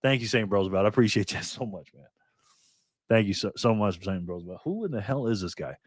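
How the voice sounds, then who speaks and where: Speaking fairly quickly in an expressive, slightly rough, fairly low voice, a man runs a relaxed livestream. He reads viewer comments aloud, greeting each by name and tossing in "man" and "bro." The recording is dry and studio-clean.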